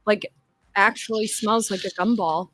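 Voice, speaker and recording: A woman's voice: mid-range voice, steady tone, unhurried, a bit bright, dry recording. A young adult woman chatting casually on a livestream, rambling, swearing and laughing as she talks. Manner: rambling, profane, laughing often. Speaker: livestream host.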